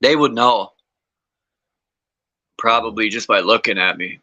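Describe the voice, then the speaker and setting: Man, very bright voice, joking irreverent banter. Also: on the low side, a little slow, lo-fi sound. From United States. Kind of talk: casual chat.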